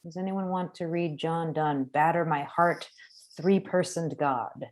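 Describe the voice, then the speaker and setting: A woman's voice: deep voice, a little slow. A woman leading a poetry class over a video call, effusive and encouraging, laughing often.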